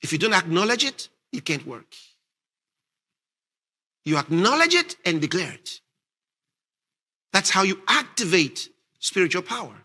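Pastor guy preaching, high bright voice, jumps around a lot, kinda husky, gets loud on the big lines. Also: very animated, a little slow, pauses often. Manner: emphatic, rising to shouts on key lines; reads scripture aloud and asks the congregation questions. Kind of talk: sermon. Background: congregation responding.

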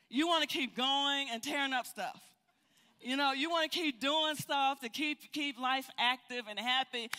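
An older woman teaching a Bible study, telling stories in an animated way and often repeating words. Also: high voice. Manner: animated, storytelling with frequent repeats. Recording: hall reverb.

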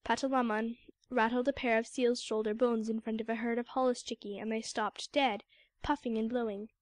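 A woman reading a classic storybook aloud as an audiobook narrator, measured and even. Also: fairly high pitch, no room sound. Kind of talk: scripted narration.

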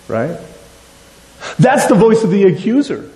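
A pastor preaching a fervent sermon, his warm voice swinging up and down as he pleads with and questions the congregation. It rings out with a roomy church echo, and a faint hum sits underneath. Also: medium pitch, very animated, a little slow, long pauses. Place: church sanctuary.

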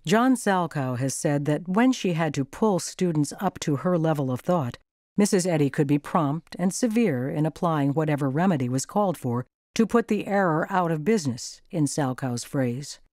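A documentary narrator telling the story in a steady, even manner. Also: medium pitch, moderate pace, no room sound, clean studio sound. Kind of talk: scripted narration.

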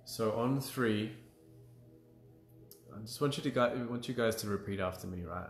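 A man leading a live emotional clearing session, guiding breathing and affirmations calmly, with frequent sighs. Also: on the low side, a little slow. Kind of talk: guided healing session on a livestream. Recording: roomy with faint music.

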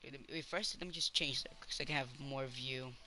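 A man's voice: mid-range voice, normal speed, slight background noise. A man giving casual gameplay commentary, rambling to himself and cheering his teammate on. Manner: excitable, rambling self-talk with cheering. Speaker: gamer.

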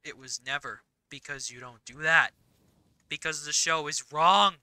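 Bright, crisp young woman ranting. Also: sits low, no room sound, poor audio. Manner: rapid, rambling, exasperated ranting. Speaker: gaming channel host. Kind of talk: casual gameplay chat.

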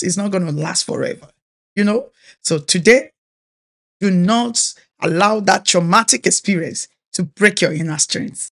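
A woman's voice: medium pitch, creaky. A woman with a Nigerian accent, Yoruba by first language, preaching a sermon as a minister in an earnest, exhorting way, repeating her key phrases.

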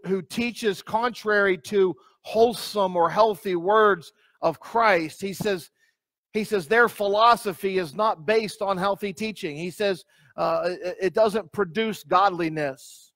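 A man's voice: high-pitched, fairly bright tone, dry recording. A male pastor preaching a sermon emphatically, reading scripture aloud, repeating key phrases and asking the congregation direct questions. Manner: reads scripture aloud in old-style wording.

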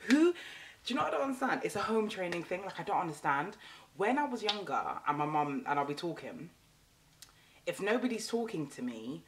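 A young woman ranting casually to camera in a vlog, animated and exasperated, repeating phrases for emphasis. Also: on the low side, fast. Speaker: vlogger.

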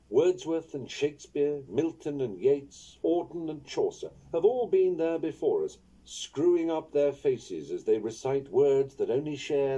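Wry, husky man reading his poetry guide. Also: on the high side, animated, mellow, low-quality recording. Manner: wry, playful, unhurried. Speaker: author reading his own book on poetry. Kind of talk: audiobook narration of an instructional book.

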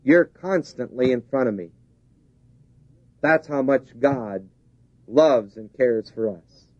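A man's voice: medium pitch, slow pace, a little mellow, no room sound. A man preaching a sermon, driving his points home with repeated, rising emphasis. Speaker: pastor. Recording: dull lo-fi 1970s tape.

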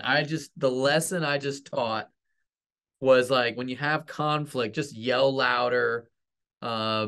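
A man's voice: medium pitch, a bit bright, smooth. A man, a pastor and military veteran, telling stories in a rambling, self-deprecating way as an interview guest. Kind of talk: casual storytelling interview.

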